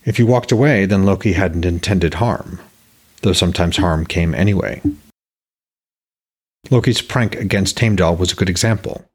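Male author-narrator for fantasy audiobook; deep husky voice, steady storytelling. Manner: measured, descriptive storytelling. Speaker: author reading his own novel.

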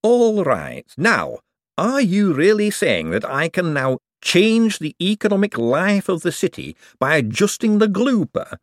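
A man voicing an excitable young male inventor who speaks eagerly and breathlessly. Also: medium pitch, a little slow, no echo, clean studio sound.

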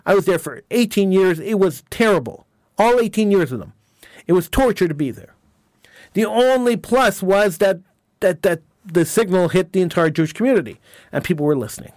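High-voiced, indignant talk radio host. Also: male voice, lively intonation, fairly quick, a little mellow, no echo. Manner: emphatic, indignant, repeats words and phrases.

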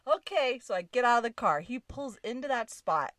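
A woman co-hosting a podcast who tells a story in a casual, animated way and often laughs mid-sentence. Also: a little high, moderate pace, no echo. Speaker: podcast co-host.

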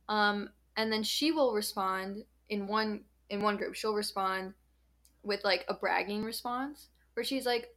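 A woman's voice: medium pitch, steady tone, a little slow, fairly bright tone. Chatty young woman podcaster. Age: young adult. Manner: chatty, lots of "like" and "um". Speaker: podcast co-host. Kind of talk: casual podcast chat.

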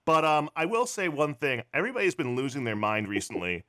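A man's voice: a little high, big pitch swings, brisk, a bit bright. A man co-hosting a podcast in casual chat, playful and jokey, slipping into silly sung bits. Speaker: podcast co-host.

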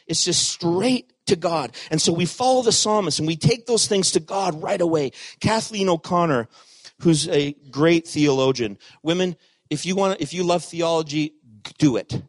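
A middle-aged man preaching a sermon as pastor, animated, swinging from loud emphatic lines to hushed asides. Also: a little high, dry recording.

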